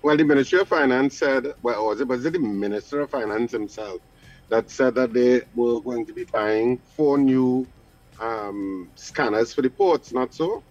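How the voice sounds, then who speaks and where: A man hosting a morning radio talk show, laying out news details in a measured, explanatory way. His voice sits at a middle pitch, the sound is a little dull, and faint music plays behind him. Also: darkish tone. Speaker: radio host.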